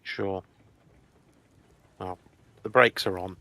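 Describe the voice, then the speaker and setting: A man's voice: sits low, fairly even intonation, slow pace, gravelly, pushed and bright. A man co-playing on a gaming stream, chatting with a dry, wry humour. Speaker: co-player on stream. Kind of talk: casual gaming chat.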